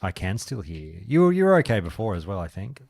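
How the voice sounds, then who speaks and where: A man's voice: sits low, very animated, fast talker, vocal fry, darkish tone, no room sound, clean studio sound. A man, chatting casually on a game stream and acting out stories. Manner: chatty, swearing, acts out anecdotes. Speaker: streamer and podcast host. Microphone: desk microphone.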